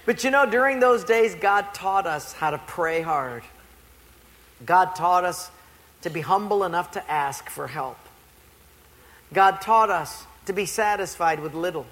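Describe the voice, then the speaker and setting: Middle-aged male pastor; lively storytelling sermon, high bright voice, reverberant church. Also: unhurried. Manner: animated storytelling, playful. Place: church before a congregation. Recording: long hall reverb.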